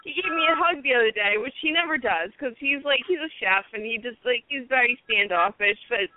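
A woman's voice: on the high side, lively intonation, fairly quick, no echo. A woman guest chef in crude, brash casual chat, swearing and laughing freely. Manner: brash, foul-mouthed, laughing. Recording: tinny phone line.

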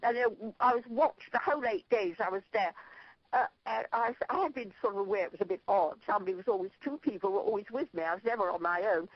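Talking fast in a medium-pitched voice, an older Irish woman tells rambling anecdotes as an interview guest and spiritual leader, laughing at her own stories in a lively way. The recording is muffled, with no echo.

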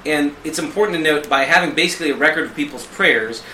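A middle-aged man co-hosting a conversational theology podcast, animated and acting out quoted prayers in different voices. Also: on the high side, fast talker, slight background noise. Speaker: podcast co-host. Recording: echoey room.

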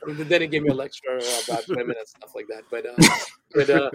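A man's voice: medium pitch, fast, over a noisy crowd. A man who is a podcast guest telling stories in a casual interview, rambling with fillers and restarts and laughing often.

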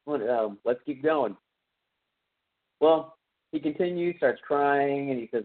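A man with a Texan accent, hosting a podcast and casually recapping a horror film in a rambling, animated way, slipping into quoted voices. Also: mid-range voice, slow pace, pauses often. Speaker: podcast host. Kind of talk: casual movie recap chat. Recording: tinny phone-like sound.

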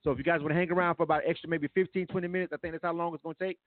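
A man with a high voice hosts a live music review show. He talks loosely and rambles between songs with plenty of fillers. The sound is thin and phone-like. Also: fairly even intonation, racing, no room sound. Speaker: radio show host.

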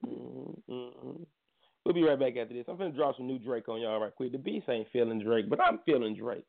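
A man hosting a morning radio show, talking in loose, slangy, joking banter that jumps up in pitch when he gets excited. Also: brisk, vocal fry. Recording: tinny phone-like sound with faint music.

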